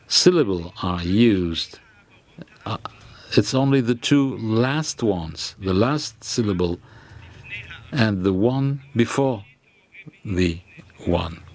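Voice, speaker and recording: Slow, hesitant male lecturer. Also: lowish voice, darkish tone. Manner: slow and hesitant, with frequent fillers and restarts. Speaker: lecturer on grammar. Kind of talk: halting lecture explanation.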